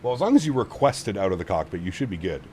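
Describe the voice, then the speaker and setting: A man's voice: low voice, very animated, very fast, darkish tone, slight background noise. Chatty male flight sim streamer. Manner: chatty, reads chat aloud, coos at his dog. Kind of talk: casual live-stream chat.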